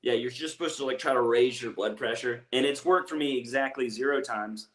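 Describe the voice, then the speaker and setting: A young comedian from East Tennessee, with an Appalachian accent, tells a rambling, self-deprecating story as a guest in casual chat. His mid-range voice moves a little fast, and the room is echoey.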